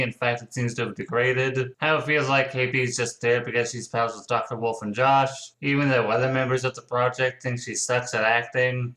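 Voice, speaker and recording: A man giving dry, mocking commentary with deadpan sarcasm. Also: mid-range voice, rough recording. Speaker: commentary YouTuber.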